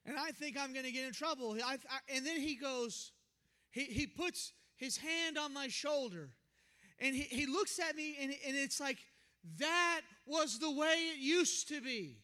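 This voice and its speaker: A young man preaching a sermon as pastor, telling a story with animated, acted-out quotes. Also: extremely high pitch, normal speed. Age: young adult.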